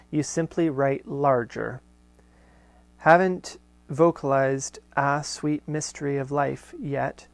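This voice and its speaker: A man hosting a live show, reading archival letters aloud in a measured way with casual asides. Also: on the high side, no echo.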